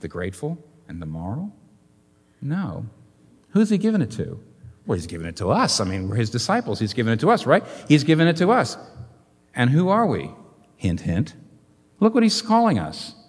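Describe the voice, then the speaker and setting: A man preaching a sermon as a pastor, asking rhetorical questions and swinging between loud and quiet. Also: fairly quick, husky. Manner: animated preaching, rhetorical questions, wide swings in pitch and volume. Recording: long hall reverb.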